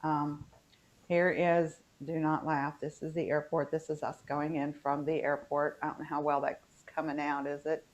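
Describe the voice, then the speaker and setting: A woman's voice: low-pitched, little pitch movement, normal speed. A woman with a West Virginian accent, co-hosting a casual chat over a video call, rambling with frequent ums. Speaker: co-host.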